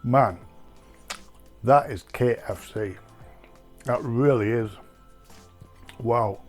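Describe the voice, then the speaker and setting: A man talks through a casual food taste-test vlog in an ordinary mid-pitched voice. His delivery is chatty and rambling, full of ums and uhs. Faint music plays quietly behind him. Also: very slow. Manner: chatty and rambling, with many fillers. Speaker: food vlogger.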